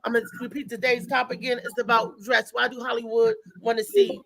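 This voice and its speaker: A woman's voice: fairly high pitch, animated, quick pace, creaky, dry recording, rough recording. A woman hosting a live show, chatting loosely and talking straight to her viewers. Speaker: host. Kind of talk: casual live show chat.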